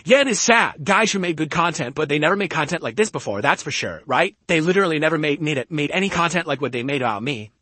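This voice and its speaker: A man reads out viewer donations on a live stream. His voice runs through a voice changer and comes out a little high, very bright and husky. He rambles on and defends himself at length. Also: animated, fast talker, few pauses, dry recording. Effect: voice changer altering his voice.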